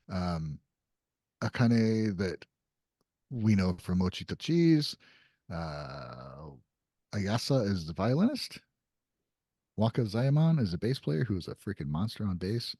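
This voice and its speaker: A man with a low, slightly husky voice chats easily as a podcast co-host. He sometimes reads news items aloud in an unhurried tone. The sound is close and dry. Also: big pitch swings, dark tone, dry recording. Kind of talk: casual chat.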